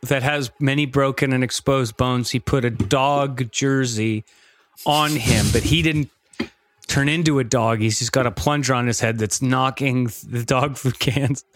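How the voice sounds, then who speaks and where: A man's voice: medium pitch, fairly even intonation, measured pace, a little hiss or hum. A man co-hosting a casual comedy chat, goofy and joking. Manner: goofy, jokey. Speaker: comedy podcast co-host.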